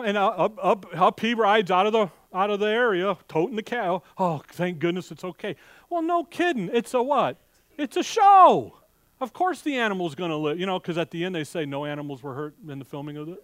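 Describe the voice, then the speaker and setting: High-voiced folksy preacher. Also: male voice, no echo. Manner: folksy, animated, joking asides to the congregation. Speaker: pastor. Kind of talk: conversational sermon.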